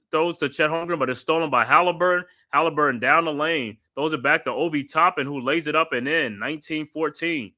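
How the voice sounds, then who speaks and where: Man host, bright forceful voice, live play-by-play call with casual asides. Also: a little high. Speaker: watch party host calling the game.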